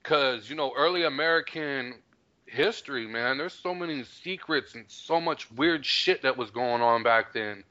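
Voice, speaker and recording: A man's voice: medium pitch, unhurried, sharp tone. A man in casual chat, talking in a laid-back, chatty way. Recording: dull lo-fi audio.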